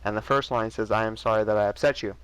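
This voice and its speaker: A man's voice: on the low side, steady tone, fast, fairly bright tone, a little hiss or hum, rough recording. A man trolling in a voice chat argument, teasing in a mock-solemn, preachy manner. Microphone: voice chat microphone.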